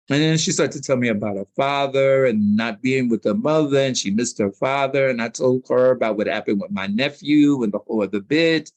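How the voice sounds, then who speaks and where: A man telling stories as a guest in a sit-down interview, animated and slangy. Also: medium pitch, a little fast, hardly any pauses, no room sound. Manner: animated storyteller with street slang. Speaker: public relations consultant, interview guest.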